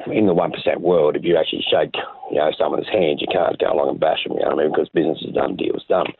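A man's voice: a bass voice, gravelly, slightly rough. A man with an Australian accent telling his personal testimony in an interview, rambling through stories and acting out the dialogue. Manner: rambling storyteller, reenacts dialogue. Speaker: interview guest. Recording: tinny phone-like audio.

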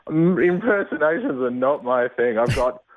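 A self-mocking man, a comedian talking casually about his work in an interview. His voice comes through a thin, tinny phone line. He sits at an ordinary middle pitch and laughs often. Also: animated, a little slow. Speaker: stand-up comedian, guest.

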